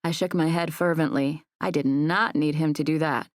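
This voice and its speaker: A woman reads a first-person audiobook in an even, gentle way. Her voice is on the low side, and the booth sound is dry and close. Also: normal speed, no room sound. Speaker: audiobook narrator. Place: recording booth.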